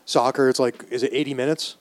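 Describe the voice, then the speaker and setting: A man's voice: medium pitch, fairly even intonation, fast talker, no echo. Man, casual chat, crude jokes, laughs easily, dry close sound.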